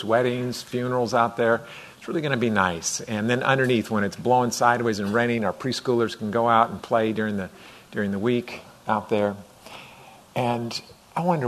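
A middle-aged man preaches as pastor in a medium-pitched, slightly bright voice. He talks conversationally and acts out voices, building intensity as he goes.

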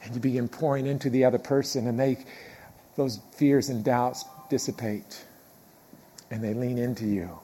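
A middle-aged man preaching a sermon in a church, talking conversationally, dropping quiet, then building loud, and repeating key phrases. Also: mid-range voice, steady tone, normal speed, slight background noise. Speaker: pastor.

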